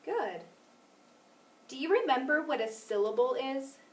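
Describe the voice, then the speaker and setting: Woman, phonics teacher, patient, encouraging, slightly high voice, echoey room. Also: expressive, measured pace, far from the mic. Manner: patient, clear, encouraging, stresses syllables carefully. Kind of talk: one-on-one phonics lesson.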